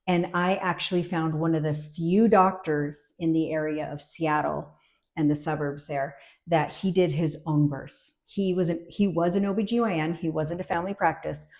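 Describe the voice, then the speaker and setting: Animated woman midwife telling stories. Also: low voice, moderate pace. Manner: animated storyteller, acting out quotes. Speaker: midwife, guest. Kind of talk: casual interview chat.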